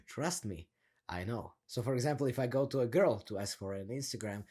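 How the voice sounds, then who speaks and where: A young man with a husky voice gives casual coaching at a moderate pace on how to sound confident. He's energetic and slangy, laughs a lot, and demonstrates a deep, down-turned delivery.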